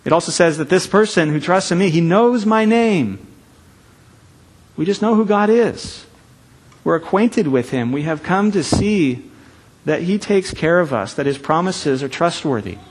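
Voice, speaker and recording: A man preaching a sermon in an earnest, emphatic way, slowing down to stress key phrases. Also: on the high side, lively intonation, breathy edge.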